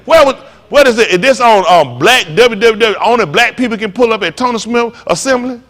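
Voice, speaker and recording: A man's voice: very high-pitched, lively intonation, brisk, fairly bright tone. A male pastor preaching a sermon in a blunt, heated, mocking way, swearing freely.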